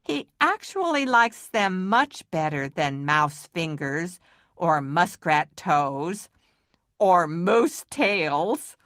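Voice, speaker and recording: A woman voicing a calm, caring mother moose in a children's storybook, speaking in a reassuring way. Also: fairly low pitch, very slow, no echo, clean studio sound, full character voice.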